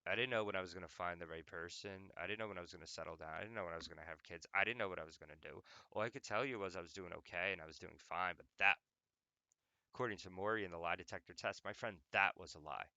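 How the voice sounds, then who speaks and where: A man's voice: deep voice, fast talker, bright, forceful tone, no echo, highs cut off. A young adult man hosting an audio podcast, talking casually in a rambling, profane, joking way. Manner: rambling, profane, jokey, many "like"s. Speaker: podcast host. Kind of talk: casual monologue.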